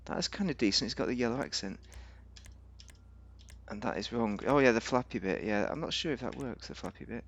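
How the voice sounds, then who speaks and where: A man's voice: mid-range voice, animated, a little fast, husky, dull audio. A man giving rambling, casual commentary on a game, thinking aloud with fillers and restarts. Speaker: game reviewer.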